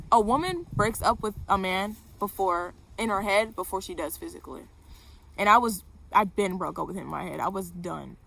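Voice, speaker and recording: A woman's voice: medium pitch, vocal fry, fairly bright tone, a little hiss or hum. A young woman telling a personal story straight to her viewers, candid and unfiltered, cursing freely and filling gaps with "like" and "um.". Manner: candid, swears freely, many fillers. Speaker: vlogger.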